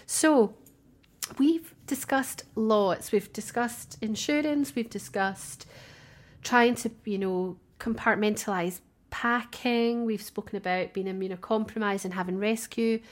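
A woman co-hosting a podcast in casual chat, talkative, laughing often and restarting her sentences. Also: medium pitch. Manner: chatty, warm-hearted, laughs often, many restarts. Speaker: podcast co-host. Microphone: remote call.

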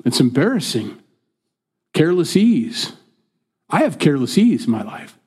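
A man from the United States preaches to his congregation in a talky, informal style. He breaks into quick impressions of imagined speakers and then returns to plain explanation. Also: fairly high pitch, sing-song, darkish tone, husky. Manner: conversational, acts out quoted speakers. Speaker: pastor. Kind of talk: sermon.

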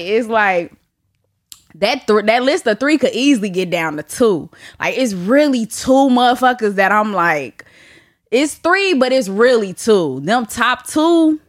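A woman's voice: mid-range voice, no echo. A woman hosting a candid solo podcast, talking bluntly and profanely, laughing often and breaking into mock wailing. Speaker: podcast host.

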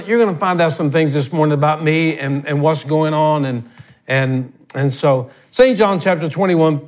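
An older man preaching a sermon as pastor, talking in a folksy, blunt way that swells into emphatic outbursts. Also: sits high.

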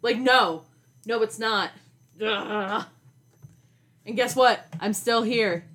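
A woman's voice: on the high side, slow pace. Exasperated young woman telling a story. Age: young adult. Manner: animated, exasperated storytelling with swearing and laughs. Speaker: podcast co-host. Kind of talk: casual storytelling.

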